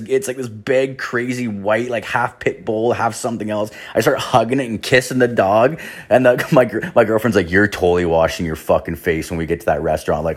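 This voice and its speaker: A young man hosting a podcast, telling a rambling, profane story full of fillers. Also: fairly low pitch. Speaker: podcast host. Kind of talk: casual storytelling monologue.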